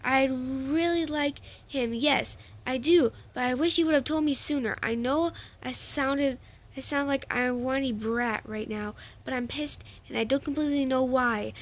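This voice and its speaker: A woman reading a story aloud, voicing an angry, heartbroken young man who shouts in frustration. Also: sits high, unhurried. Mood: upset. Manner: shouting, upset and bitter.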